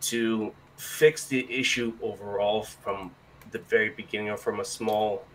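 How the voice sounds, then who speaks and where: Bright-voiced man in casual podcast chat. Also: lowish voice, a little slow, slight background noise, poor audio. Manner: animated, acts out quotes. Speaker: podcast guest.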